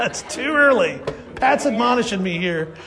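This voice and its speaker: A man preaching a sermon at a church service, lively and acting out the voices of his congregation. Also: extremely high pitch, moderate pace, crowd noise. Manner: animated, acts out congregation voices. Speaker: pastor.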